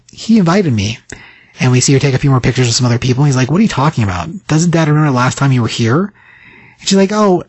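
A man's voice: medium pitch, a little mellow, slightly rough, dry recording, rough recording. A man casually retelling a story scene by scene, rambling with many fillers and restarts. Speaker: recapping a story. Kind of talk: casual retelling with quick voiced quotes.

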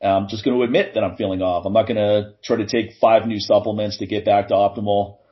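A man's voice: fairly low pitch, flat delivery, fast talker, muffled recording. A man in casual conversation, talking in an earnest, reflective and emphatic way.

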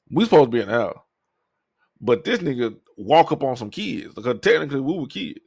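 A man's voice: medium pitch, dry recording, studio quality. A man hosting a podcast, telling a personal story in a loose, profane way and acting out what other people said. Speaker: podcast host. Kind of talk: casual storytelling.

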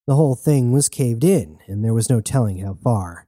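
A man narrates an action story in steady, even tones. His voice is very dark and mellow, with a middle pitch. The recording is dry and close. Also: normal speed, no echo. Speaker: audiobook narrator. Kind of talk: scripted narration.

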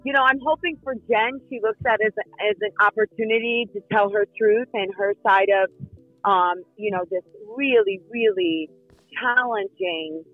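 A woman, a reality show cast member, answering interview questions in a chatty, animated storytelling way with lots of fillers. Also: medium pitch, moderate pace, no echo, soft background music. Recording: dull lo-fi sound.

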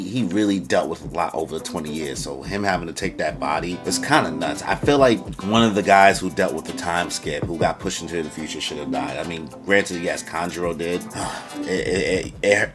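A young man with a very low voice rambles through a casual chapter review, full of slang and quick quoted voices. Faint music plays softly under his talk. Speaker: anime reviewer.

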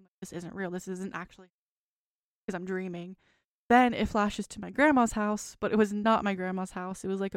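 A woman's voice: mid-range voice, clear, resonant tone, no echo, clean studio sound. A woman in her twenties in casual podcast chat, reading out a long dream journal in a rambling way, full of "like". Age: 20s. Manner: rambling, frequent "like" fillers. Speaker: podcast co-host.

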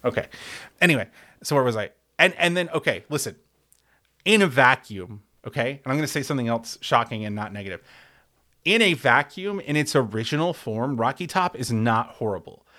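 A man in the middle of a rambling, foul-mouthed sports rant. He stumbles over his words and restarts his sentences again and again as he gets worked up. His voice sits at an ordinary middle pitch. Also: fairly quick. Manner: animated, rambling, stammers and restarts often; heavy swearing, hyperbolic. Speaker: sports podcast host. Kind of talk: profane comedic sports rant.

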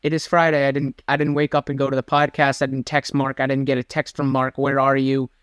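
A man's voice: medium pitch, monotone, brisk, a bit bright, clear, resonant tone, no echo. A young man co-hosting a podcast, telling a rambling, self-deprecating story in casual chat. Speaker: podcast co-host.

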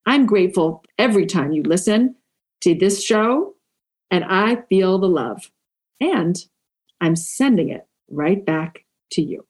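A woman's voice: on the low side, expressive, measured pace, darkish tone, husky. A woman hosting a podcast, enthusiastic and motivational, reading an intro and then chatting with a guest. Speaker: podcast host. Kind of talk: upbeat podcast intro and interview.

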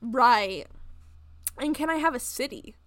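A young woman co-hosts a podcast in casual chat, running a word game with giggles and teasing. Her voice sits high and sounds bright and crisp. The recording is dry and close. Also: animated, measured pace, dry recording. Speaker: podcast co-host.

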